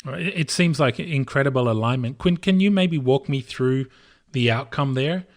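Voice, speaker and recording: A man hosts a podcast interview and puts measured questions to his guests. His voice sits at an ordinary pitch for a man.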